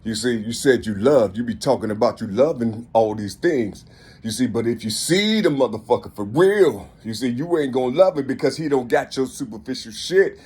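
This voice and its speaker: A man in his fifties delivering a rambling, profane spiritual monologue, repeating himself and building to shouts. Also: medium pitch, expressive, normal speed, husky. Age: 50s.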